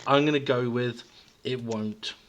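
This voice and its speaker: A British man hosting a relaxed podcast over a remote call, thinking aloud with plenty of ums and easy laughter. His voice sits at a middle pitch, with a faint hiss behind it. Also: measured pace. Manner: chatty, hesitant with many ums, laughs often. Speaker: podcast host. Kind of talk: casual podcast chat.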